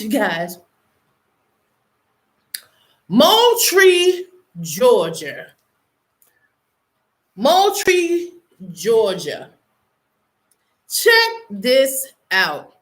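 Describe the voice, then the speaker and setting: A high-voiced woman hosts a casual news commentary show. She talks very slowly and stretches her words out for drama. Her pitch swoops up and down freely as she teases her listeners and laughs along. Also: huge pitch swings. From United States. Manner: playful, laughing, drawn-out dramatic delivery. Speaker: online show host.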